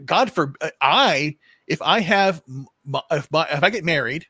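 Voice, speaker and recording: A man's voice: a little high, animated, normal speed, sharp tone, breathy edge, no echo, studio quality. A man hosting a casual political chat show, rambling with frequent restarts and repeated words, and swearing now and then. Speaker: show host.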